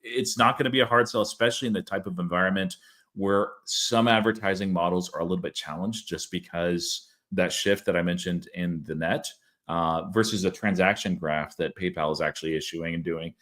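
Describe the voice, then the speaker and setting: Low-voiced man musing over stocks. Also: steady tone, fairly quick, a bit bright. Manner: thinking aloud with frequent "like" and "uh". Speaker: channel host. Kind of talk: casual stock market discussion.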